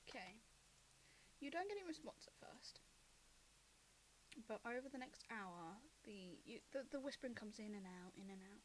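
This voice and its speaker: A woman's voice: medium pitch, animated, moderate pace, pauses often, slight background noise. A woman narrating as game master of a tabletop game, rambling and hesitant, with fillers and the odd cough.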